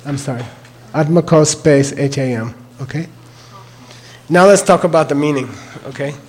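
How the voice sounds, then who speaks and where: His pitch is fairly high and his tone a little mellow as this older man walks through a mantra's sounds and meaning. Each word gets spelled out and repeated at a slow, deliberate pace, followed by an "okay?" to check understanding.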